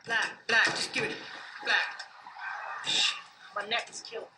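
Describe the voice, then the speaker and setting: A frantic paranoid ex-agent. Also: male voice, high-pitched, fairly even intonation, measured pace, background noise. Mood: nervous rambling. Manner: jittery, swearing, rising to shouting panic. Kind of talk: film drama acting. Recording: film clip with music score.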